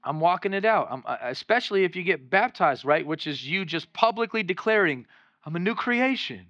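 A man preaching to a congregation, voice bright and a little high, with rising bursts as he urges them on and a habit of acting out voices when retelling scenes. The recording is dry and somewhat muffled. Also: lively intonation, a little fast, no room sound. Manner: preaching with exhortations and call-outs to the congregation. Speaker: pastor. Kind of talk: sermon.

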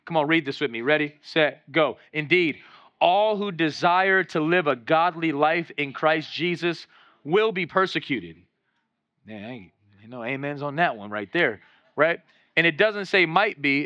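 A man preaching to a congregation, voice bright and a little high, with rising bursts as he urges them on and a habit of acting out voices when retelling scenes. The recording is dry and somewhat muffled. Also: no room sound. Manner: preaching with exhortations and call-outs to the congregation. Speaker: pastor. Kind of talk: sermon.

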